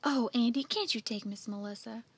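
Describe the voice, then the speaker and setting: A woman's voice: a little high, moderate pace, breathy edge. A woman reading aloud and voicing an eager, pleading little girl in a storybook. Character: excited little girl with a doll.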